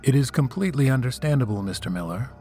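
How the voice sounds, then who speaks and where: A bored female HR officer, as a male narrator puts her on, businesslike and flat in her wording though her pitch still moves around. She sits at a middling pitch, a little lower than the storyteller's own voice, with faint music underneath. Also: fast, natural voice. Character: brisk, bored female human resources officer.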